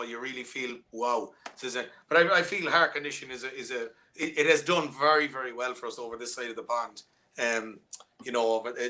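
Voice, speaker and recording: In a casual video-call interview, an Irish-accented man, a musician guest, speaks in a mid-range voice with a sharp tone. His chat is rambling and littered with restarts and fillers.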